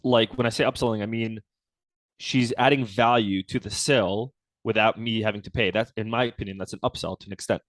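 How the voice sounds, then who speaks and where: A man with a lowish voice recounts a story in a relaxed interview, slipping into the voices of the people in it with sudden jumps in pitch. The sound is close and dry, with no room around it. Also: a little fast, no room sound. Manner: relaxed storyteller, acts out quoted dialogue with lively pitch jumps. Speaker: guest, company founder.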